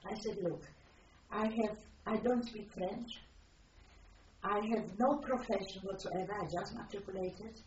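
An older woman from Poland, giving personal testimony in a reflective, halting way as she searches for words. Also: mid-range voice, a little hiss or hum. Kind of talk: personal testimony, recalled aloud. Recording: distant roomy lo-fi recording.

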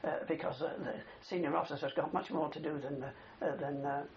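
An older man with a gravelly voice shares his wartime memories in a rambling, anecdotal way, often adding "you see". The recording sounds dull, with faint hiss behind him. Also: a little high, fairly even intonation, fairly quick. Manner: rambling storyteller with many "you see" tags. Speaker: interviewee, war veteran. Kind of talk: oral history reminiscence.

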